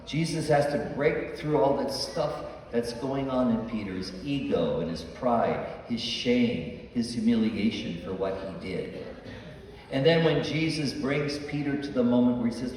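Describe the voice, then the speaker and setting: A man's voice: mid-range voice, expressive, a little slow, darkish tone, slight background noise. A man, a priest, preaching a homily and acting out the dialogue in the stories he tells. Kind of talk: sermon. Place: church. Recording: echoey church hall from far off.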